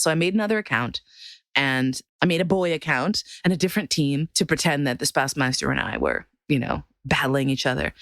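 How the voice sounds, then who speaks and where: In a dry, studio-quality recording, a woman recounts something from her own life in a casual monologue. She's animated and swears now and then, performing quoted voices with sharp pitch leaps as she hosts her podcast.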